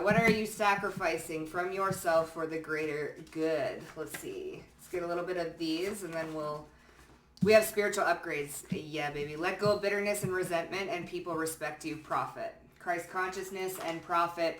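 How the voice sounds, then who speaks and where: A woman's voice: fairly low pitch, moderate pace, fairly bright tone, recorded from a distance, a little hiss or hum. Chatty woman giving a tarot reading in a roomy space. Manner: chatty, swears casually, frequent "okay?" and "you know what I'm saying?". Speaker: tarot card reader. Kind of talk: casual pick-a-card tarot reading.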